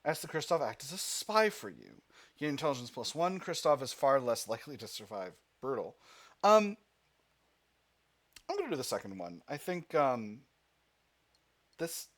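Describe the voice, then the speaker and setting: A man at a middle pitch reads a game's story passages aloud, his voice rising and falling a lot. Between passages he thinks out loud, trailing off and restarting as he weighs his options. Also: big pitch swings, normal speed, pauses often. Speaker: gaming channel host. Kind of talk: let's play commentary, reading game text aloud.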